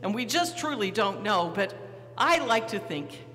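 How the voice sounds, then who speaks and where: Very animated yet a little slow, a pastor with a medium-pitched, sharp-toned voice preaches in a church sanctuary. He tells the story with vivid storytelling, acting out the disciples and questioning the congregation, in a reverberant hall with a faint hum.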